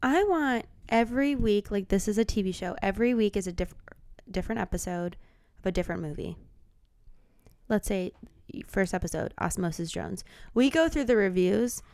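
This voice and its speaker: A woman co-hosting a podcast, talking in animated, joking casual chat, full of "like". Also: medium pitch, normal speed, no echo, studio quality. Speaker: podcast co-host.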